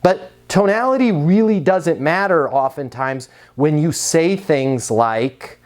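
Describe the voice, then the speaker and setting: A man's voice: on the high side, animated, takes it slowly, few pauses. Man giving a sales training talk. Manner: acts out short dialogues with voices.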